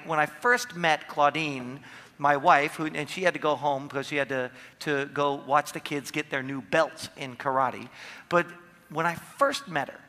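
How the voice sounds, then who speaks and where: A man giving a motivational seminar talk, animated and playful, acting out quotes in his stories. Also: fairly high pitch, in a large hall. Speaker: seminar speaker. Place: large hall with audience.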